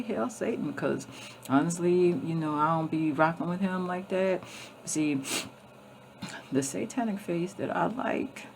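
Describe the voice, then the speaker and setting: A woman's voice: low-pitched, creaky, slight background noise. A woman vlogger telling a story in a blunt, emphatic, heavily profane way, often restarting and repeating herself. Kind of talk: casual storytelling.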